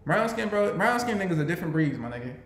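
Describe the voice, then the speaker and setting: Young guy reacting to a clip, high lively voice, laughing and swearing a lot, echoey room. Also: fast talker. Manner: animated, laughing, repeats words, swears. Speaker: reaction video host. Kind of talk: casual reaction commentary. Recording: roomy echo.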